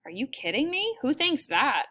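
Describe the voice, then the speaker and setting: A woman's voice: high-pitched, big pitch swings, normal speed, bright, forceful tone, voice pushed up, full character voice. A woman reading the part of a friendly, admiring teenage boy in an audiobook, in an easygoing, teasing manner.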